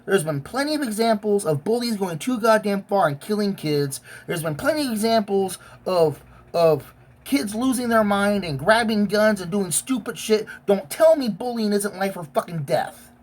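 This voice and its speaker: A woman's voice: mid-range voice, expressive, moderate pace, a little mellow. A woman giving a blunt, profane, emotionally intense rant as a vlogger. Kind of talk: profane ranting monologue.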